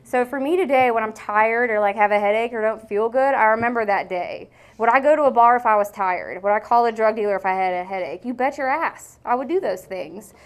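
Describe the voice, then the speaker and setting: A woman's voice: on the high side, fairly quick, few pauses, clear, resonant tone. Young woman, candid testimony, blunt and frank, casual swearing, lots of "um". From American South. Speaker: speaker sharing recovery story.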